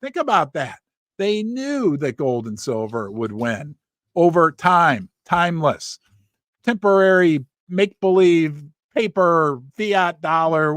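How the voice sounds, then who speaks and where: A man's voice: a little high, no echo. Emphatic man with a dry, close sound. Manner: emphatic, folksy, asides and rhetorical questions. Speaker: host of a finance commentary show. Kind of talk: casual commentary reading news aloud. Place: home studio.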